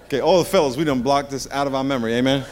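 A man's voice: medium pitch, rapid-fire, darkish tone. A middle-aged man preaching a sermon as pastor, a playful storyteller who jokes with the congregation.

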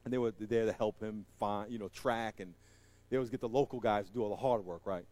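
A man doing stand-up storytelling, animated and acting out the voices in his story while laughing at it himself. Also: lowish voice, fast. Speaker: comedian.

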